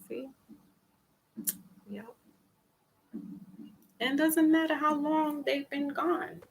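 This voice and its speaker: A woman gives a casual tarot reading in a slow, easygoing way, chatting with her viewers as she goes. Her voice has a gravelly, fry-edged texture. Music plays clearly behind her. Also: medium pitch, low-quality recording. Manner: chatty, talks to viewers and chat by name. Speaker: tarot reader.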